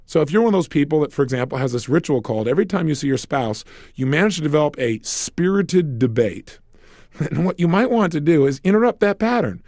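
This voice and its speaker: A man giving a recorded self-help lecture, energetic and acting out little dialogues. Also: on the high side, fairly quick, dry recording, studio quality. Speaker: motivational speaker.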